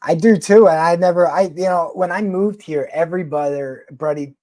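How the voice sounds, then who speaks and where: A man with a Philadelphia accent talks loosely to his livestream audience, swearing freely and wandering from point to point. His voice sits a little high for a man. The sound is dry and close, with no room around it. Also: a little fast, mellow, dry recording. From New York City. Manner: profane, rambling, blunt. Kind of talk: casual livestream chat answering viewers.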